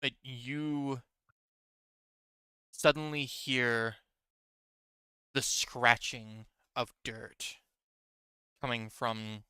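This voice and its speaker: Bright, crisp-voiced male game master. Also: mid-range voice, drawn-out words, pauses often, dry recording. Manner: relaxed, hesitant narration with many fillers. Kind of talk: narrating a tabletop game on stream.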